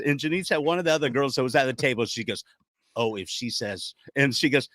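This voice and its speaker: Animated man telling a story, dry sound. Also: on the high side, moderate pace, no room sound. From Jacksonville, Florida. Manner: animated storyteller acting out quotes. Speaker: podcast co-host. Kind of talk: casual storytelling chat.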